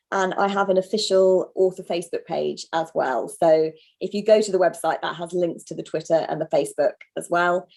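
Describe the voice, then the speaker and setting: A woman in her thirties, an author, chatting quickly and self-deprecatingly as a guest over a video call. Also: mid-range voice, darkish tone.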